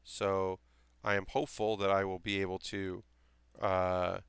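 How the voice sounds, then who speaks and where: A man's voice: sits low, flat delivery, measured pace, vocal fry, clean tone, no echo. A young man from South Carolina chatting casually on a live stream while building a model kit, thinking aloud and reassuring his viewers.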